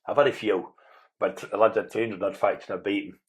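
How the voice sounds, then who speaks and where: A man's voice: on the low side, fairly even intonation, brisk, low-quality recording. A man, a podcast guest telling rambling stories in a blunt way and swearing freely. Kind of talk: casual interview storytelling.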